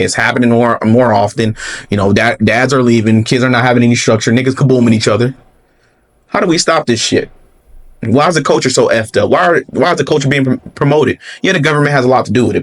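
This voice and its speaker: A man giving casual reaction commentary, blunt and animated, swearing freely and mocking as he rants. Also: mid-range voice.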